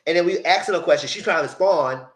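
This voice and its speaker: A man giving a casual, animated live recap of a reality show, full of quoted asides. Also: fairly high pitch, quick pace, poor audio.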